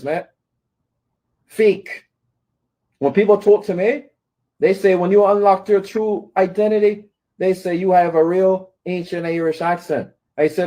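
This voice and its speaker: A man's voice: high-pitched, fairly even intonation, measured pace, darkish tone. A man ranting at his critics, scolding and taunting them and often asking "right?". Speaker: commentator. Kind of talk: confrontational rant to camera.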